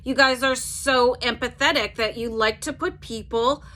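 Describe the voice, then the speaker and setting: A woman's voice: fairly high pitch, moderate pace, bright, forceful tone. A woman reading tarot cards to camera in a casual, chatty way, peppering her talk with "like" and checking in with "okay?". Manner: chatty, fills with "like", tags "okay?" on sentences. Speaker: tarot reader.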